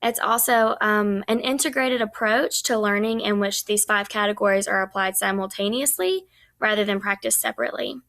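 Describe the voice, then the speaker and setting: A young woman talks through a recorded class presentation in a casual, chatty way, full of ums. Her voice sits at a middling pitch and has a slightly gravelly edge. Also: normal speed, a bit bright. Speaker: student teacher presenting.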